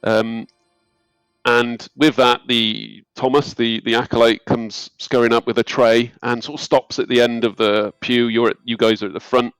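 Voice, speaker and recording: Game master, man, halting and relaxed, dry close sound. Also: medium pitch, smooth, no room sound, soft background music, rough recording. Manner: hesitant, many ums, relaxed. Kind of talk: narrating a tabletop game.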